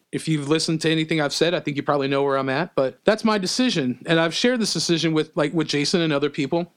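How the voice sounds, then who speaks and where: A man co-hosting a casual opinion podcast, talking earnestly and with emphasis, often reading quotes aloud. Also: sits high. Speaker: podcast co-host.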